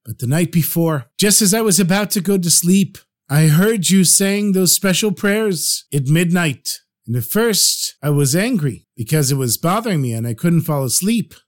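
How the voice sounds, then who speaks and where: A man's voice: a little high, lively intonation, moderate pace, few pauses, close to an everyday voice. Desperate repentant businessman, tearful and pleading, put on by a male narrator. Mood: confessing.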